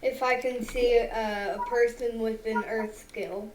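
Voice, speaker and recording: A woman playing a tabletop game, eager and full of quick questions. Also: fairly high pitch, fairly even intonation, slight background noise. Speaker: player. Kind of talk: tabletop game play, casual chat.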